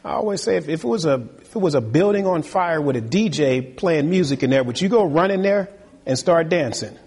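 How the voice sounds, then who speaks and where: A man's voice: fairly high pitch, animated, brisk, darkish tone, slightly rough, big-room sound. A male pastor delivering an earnest sermon full of repeated rhetorical questions, in a church.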